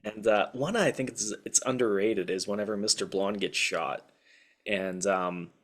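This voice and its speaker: A man who is a guest on a podcast, chatting in a relaxed, blunt way and swearing casually. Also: fairly low pitch, a little slow. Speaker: guest writer. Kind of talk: casual chat.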